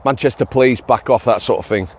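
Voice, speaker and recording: A middle-aged man tells a story on his podcast in a loose, rambling way. He fills his talk with ums and you-knows and slips in the odd chuckle. His voice sits at an ordinary middle pitch. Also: fast, slightly rough. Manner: rambling anecdotal delivery with frequent fillers and chuckles. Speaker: podcast host, former prison officer. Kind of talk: casual storytelling monologue.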